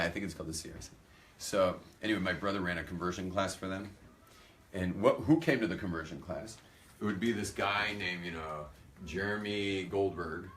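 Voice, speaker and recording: A deep male voice with slight background noise belongs to an American rabbi. In his talk to a live audience he spins funny anecdotes animatedly, acting out what each person says.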